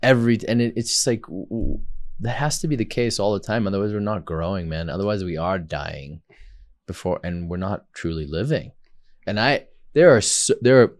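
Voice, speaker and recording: A man from South Africa speaks as a podcast guest in a deep, low register. He thinks out loud in an earnest, reflective way, circling back with fillers and restarts as he works through his ideas. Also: moderate pace. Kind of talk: casual conversation.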